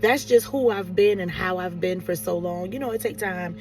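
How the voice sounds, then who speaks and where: A woman telling a casual story-time vlog in a chatty, animated, sarcastic way, full of fillers. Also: lowish voice, moderate pace, recorded from a distance, music in the background. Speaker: vlogger. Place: car on the road.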